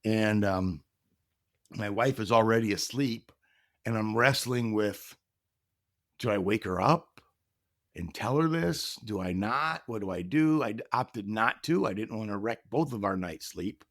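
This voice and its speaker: A man's voice: fairly low pitch, expressive, measured pace, no room sound, studio quality. A middle-aged man telling a candid personal story as a podcast guest, earnest and reflective, voicing the people in it. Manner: earnest, reflective, acts out quoted dialogue.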